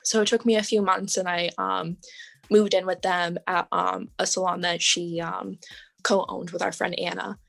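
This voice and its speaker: A young woman, a podcast guest, telling her story in casual conversation, full of "like" and "um" and quick laughs. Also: lowish voice, level tone, gravelly. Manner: chatty, lots of "like" and "um", laughs often.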